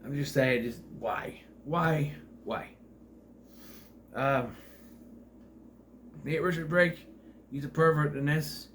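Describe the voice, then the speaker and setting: A man's voice: on the high side, takes it slowly, pauses often, a bit bright, slight background noise. A man talking through a movie review in a casual vlog, rambling, sarcastic and exasperated.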